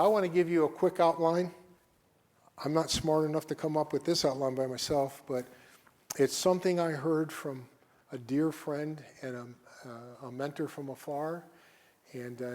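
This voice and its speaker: A man preaching a sermon as guest preacher, swinging between loud emphasis and quiet asides. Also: on the high side.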